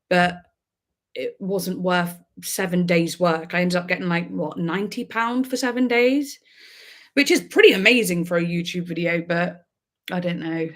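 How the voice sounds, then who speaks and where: A woman, a music reaction YouTuber, chatting casually and rambling on a livestream, laughing often. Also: on the low side.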